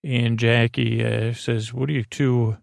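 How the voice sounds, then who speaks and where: A man recaps an episode for a sleep podcast, wandering through it with constant fillers and restarts. His voice stays flat and level, with a gravelly fry. The sound is close and dry. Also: medium pitch, no room sound. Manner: meandering, halting, full of fillers and restarts. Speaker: podcast host.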